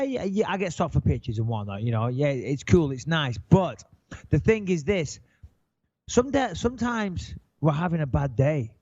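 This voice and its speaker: A man's voice: a little high, a little mellow, dry recording. Profane rambling man, dry dull audio. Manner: profane, rambling, self-deprecating. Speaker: podcast co-host. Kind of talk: casual storytelling chat.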